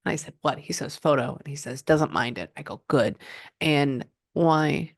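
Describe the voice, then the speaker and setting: A woman working as a psychic medium, giving a client a reading and passing on messages in an animated, chatty way. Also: low-pitched, normal speed, no room sound, clean studio sound. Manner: animated, relays messages in quotes, frequent "hold on".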